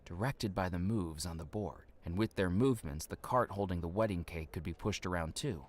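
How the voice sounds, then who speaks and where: A man's voice: low voice, a little fast, close to an everyday voice. An actor playing a wry male investigator who narrates a video game in a dry manner. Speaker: game character.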